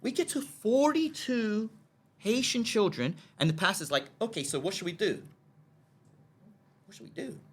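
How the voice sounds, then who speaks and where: A man telling a story as a podcast guest. He acts out the dialogue in the scenes he describes, keeps checking in with "okay?", and stammers and repeats words when he gets excited. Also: high voice, normal speed, slightly rough.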